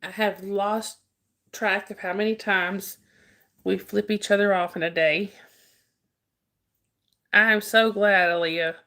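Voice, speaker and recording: A woman's voice: medium pitch, fairly even intonation, slow, long pauses, pushed and bright. A woman hosting a casual live stream, greeting viewers and teasing them with frequent laughter.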